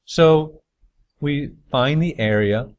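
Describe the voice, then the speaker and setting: A man's voice: on the high side, slow pace, lo-fi sound. Upbeat man teaching a math lesson. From New York. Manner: upbeat, chatty, folksy asides. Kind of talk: recorded lesson over slides.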